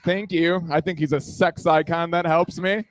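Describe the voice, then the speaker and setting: A man's voice: on the high side, steady tone, normal speed. A man in his twenties doing a stand-up comedy set on a small bar stage, self-deprecating and riffing on the room around him. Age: 20s.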